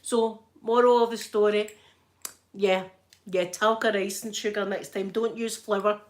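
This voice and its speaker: Chatty Glaswegian woman, soft spoken. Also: medium pitch, flat delivery, measured pace. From Scotland. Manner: chatty storytelling with frequent laughs and soft asides. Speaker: ASMR livestream host. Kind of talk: casual chat.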